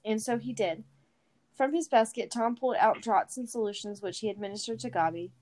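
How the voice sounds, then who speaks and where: A woman casually reading a story chapter aloud, relaxed, with chatty asides and some yawning. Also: mid-range voice. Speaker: reader.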